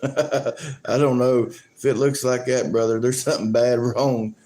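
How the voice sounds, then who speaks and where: A man drawls through a casual live stream, taking his time over every thought. He rambles from one joke to the next, chuckling as he goes. His voice sits at an ordinary middle pitch. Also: fairly even intonation, unhurried, warm tone. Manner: rambling, joking, chuckles often.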